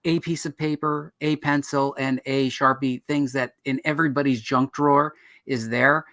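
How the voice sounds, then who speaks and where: A man's voice: medium pitch, fairly even intonation, normal speed, fairly bright tone. A man hosting a casual interview who eagerly jumps in with questions and observations. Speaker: host.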